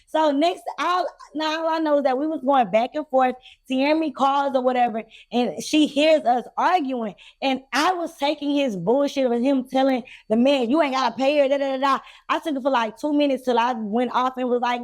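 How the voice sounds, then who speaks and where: High animated woman telling a story. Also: a little fast. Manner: animated, acts out quoted people. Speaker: podcast co-host. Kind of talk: casual storytelling chat.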